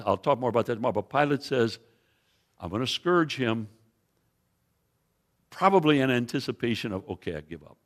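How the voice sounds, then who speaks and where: A man delivers a sermon as a guest Bible teacher in a church sanctuary. He retells scripture scene by scene, stopping to explain and pointing to slides. His phrases often restart as he works toward each point, and his pitch sits in an ordinary middle range. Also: a bit bright. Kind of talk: sermon with biblical storytelling.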